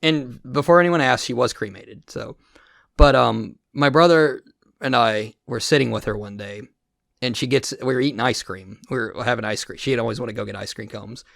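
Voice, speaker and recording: A man's voice: medium pitch, normal speed, creaky, fairly bright tone, no room sound, studio quality. A man hosting a casual podcast who tells rambling, profane stories with many restarts. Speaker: podcast host.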